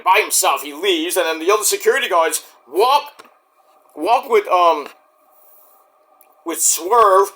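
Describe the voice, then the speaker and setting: A man talks through a show in a loose, rambling recap, stopping to correct himself and acting out what others said. His voice sits high and bright. It swings up and down with a lot of energy. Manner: rambling with self-corrections, acts out quotes. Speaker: wrestling reviewer. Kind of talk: casual spoken recap.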